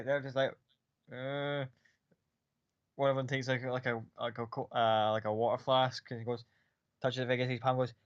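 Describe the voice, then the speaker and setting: A man's voice: mid-range voice, no echo, highs cut off. A man running a tabletop game as game master, narrating in a loose, rambling way with casual swearing.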